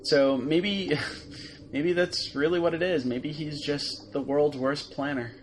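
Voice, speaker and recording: A man's voice: a little high, fairly even intonation, takes it slowly, a little hiss or hum. A man co-hosting a casual review podcast, rambling and hesitant, often slipping into playful quoted lines. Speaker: podcast co-host.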